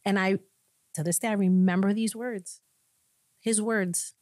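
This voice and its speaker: Animated woman pastor telling her story. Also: mid-range voice, a little slow, dry recording. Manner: laughs often between lines. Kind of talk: personal testimony in a podcast conversation.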